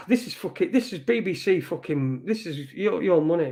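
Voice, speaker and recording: A man's voice: sits high, expressive, brisk, a little mellow. A man hosting a live stream, rambling through news headlines in a casual, sweary commentary. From Britain. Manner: rambling, swears often, reads headlines aloud.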